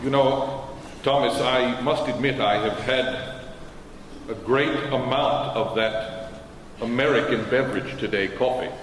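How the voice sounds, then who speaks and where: A man's voice: mid-range voice, a little slow, close to an everyday voice. A man playing George Washington on stage, answering questions in formal eighteenth-century speech. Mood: measured. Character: George Washington, stately formal elder statesman. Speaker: historical re-enactor. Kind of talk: in-character stage Q&A. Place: high school auditorium stage. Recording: echoey auditorium, faint hum.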